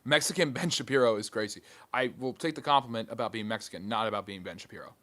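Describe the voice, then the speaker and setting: Wry fast-talking man hosting a history stream. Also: on the low side, sharp tone. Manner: quick, wry, fields chat questions with dry jokes. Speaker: history live stream host. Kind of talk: casual live stream Q&A reading chat.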